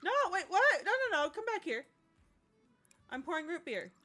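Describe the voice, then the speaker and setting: High, bright, joking woman streamer. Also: moderate pace, faint music behind. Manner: joking, crude and excitable. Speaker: livestream host. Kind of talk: casual live-stream chat.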